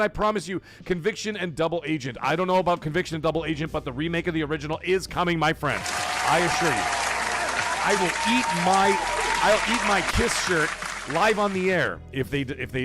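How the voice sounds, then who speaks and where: A man in his thirties hosting a live gaming stream, chatting and reading viewer super chats, breaking into loud excited shouts. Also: a little high. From Canada. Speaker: host of a gaming livestream.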